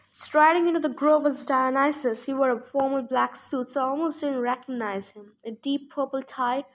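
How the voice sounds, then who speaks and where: A woman giving a plain, steady audiobook narration of a novel chapter. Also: sits high. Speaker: audiobook reader.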